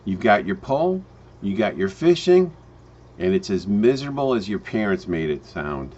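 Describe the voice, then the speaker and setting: Man telling a slow parable. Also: fairly low pitch, very animated, darkish tone. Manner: storytelling with restarts, slow emphatic phrasing. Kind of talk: spoken parable for a home business pitch. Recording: dull lo-fi recording.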